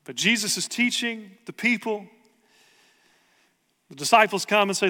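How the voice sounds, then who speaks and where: A man's voice: sits high, lively intonation, measured pace, long pauses, sharp tone, long reverb tail. A man preaching a sermon as pastor, earnest and conversational, asking the congregation rhetorical questions.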